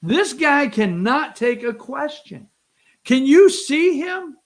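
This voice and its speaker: A host giving casual, mocking commentary over video clips, animated and talking straight to viewers. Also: high voice, slow.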